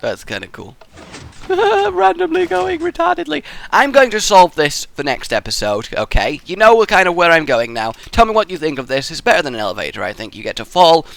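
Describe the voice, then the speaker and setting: A man's voice: on the high side, big pitch swings, fairly quick, fairly bright tone. A young man casually rambling and swearing through commentary while building in a game, mocking himself as he goes. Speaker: gaming channel host. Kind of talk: casual let's play commentary.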